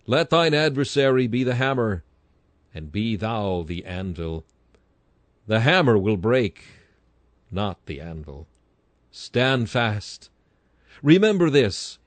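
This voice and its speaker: Low-voiced man preaching an old-style sermon. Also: no echo. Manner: earnest, old-fashioned oratory with sudden rises in emphasis. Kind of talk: sermon reading.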